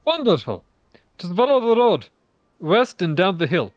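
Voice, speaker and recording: A man's voice: high voice, big pitch swings, moderate pace, dry recording. A man voicing a modest, grateful fisherman from a village, as a fan reading of game dialogue on a dull home mic. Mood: earnest. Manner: friendly, modest.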